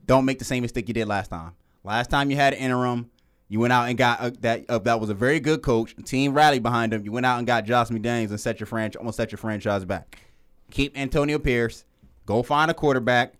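A man's voice: medium pitch, fairly quick, fairly bright tone, clear, resonant tone. A man hosting a casual sports talk show, rambling and correcting himself, often laughing. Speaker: host.

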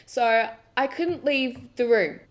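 A woman with a fairly high voice tells an animated story in casual chat. As a podcast co-host she laughs often while she talks. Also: slow pace.

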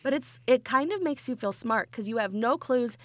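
A woman co-hosting a podcast, chatting casually and telling a story in a giggly, animated way. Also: on the high side, normal speed, dry recording. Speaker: podcast co-host. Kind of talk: casual chat.

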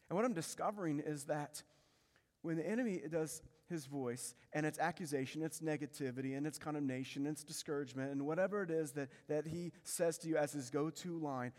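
A man's voice: on the high side, darkish tone. A man preaching a sermon as pastor, emphatic, repeating key phrases and asking the congregation rhetorical questions. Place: church sanctuary. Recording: long reverb of a large hall.

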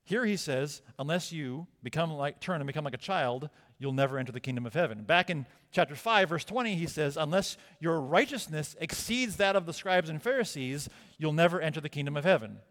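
A man's voice: a little high, animated, brisk, few pauses, fairly bright tone. Emphatic man preaching in a reverberant hall. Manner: emphatic, conversational preaching with rhetorical questions. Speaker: pastor. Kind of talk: sermon. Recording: long reverb of a church hall.

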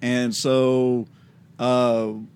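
Man, podcast co-host, casual theology chat, quick talker who laughs a lot, mid-range voice. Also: mid-range voice, level tone, darkish tone, clear, resonant tone. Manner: quick, laughs often, loose restarts.

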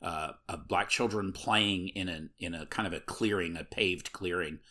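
Casting: deep-voiced man, casual rambling film recap. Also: normal speed, pushed and bright. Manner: rambling, many filler words.

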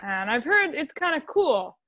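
High-voiced, opinionated woman co-host. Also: sing-song, unhurried, sharp tone, no echo. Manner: opinionated, frequent "like" fillers, sardonic. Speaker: podcast co-host. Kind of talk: casual chat.

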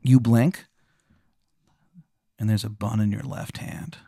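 A man's voice: on the low side, takes it slowly, creaky, pauses often, dark tone, slightly rough, no room sound, studio quality. Rambling male storyteller running a game. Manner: rambling, lots of fillers. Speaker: game master. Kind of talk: improvised storytelling.

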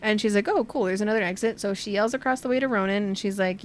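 A chatty young woman with a medium-pitched voice speaks fast as she retells a book on her podcast. It's a casual recap full of laughter and heavy use of "like," with characters' lines acted out loosely.

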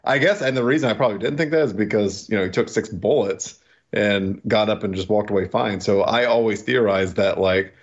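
A man's voice: fairly low pitch, brisk. A man guesting on a casual film review podcast, rambling through his theories with many likes and you-knows. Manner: rambling, filler-heavy theorizing. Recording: dull, muffled sound.

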